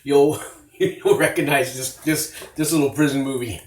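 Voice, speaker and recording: A man's voice: medium pitch, steady tone, moderate pace, a little mellow, far from the mic. A man in his fifties telling a prison story in a rambling, profane, casual way, recorded on a tablet. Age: 50s. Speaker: former inmate vlogger. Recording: roomy, off-mic, with faint noise.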